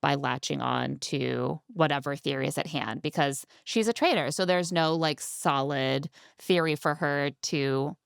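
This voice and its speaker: Low smooth-voiced woman podcast co-host. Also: steady tone, a little slow, hardly any pauses, no room sound, clean studio sound. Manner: retells scenes by acting out the quotes. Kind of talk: casual chat recapping a reality show.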